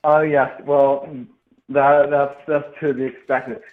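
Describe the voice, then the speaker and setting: A man's voice: medium pitch, flat delivery, slow. A young man from Seattle calling in to a radio show, chatting earnestly in a slightly formal way. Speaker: caller. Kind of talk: casual chat. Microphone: phone. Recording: tinny phone line.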